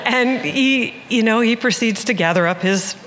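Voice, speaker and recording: A woman's voice: on the high side, normal speed, noisy background. A woman in her forties from Iowa, telling a candid, emotional personal story in a conversational way. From Iowa, USA. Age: 40s.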